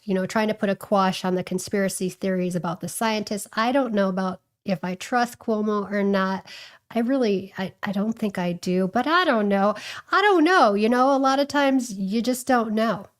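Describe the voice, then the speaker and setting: A woman's voice: medium pitch, normal speed. A woman hosting a casual livestream, chatting and thinking aloud with lots of fillers and restarts. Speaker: livestream host.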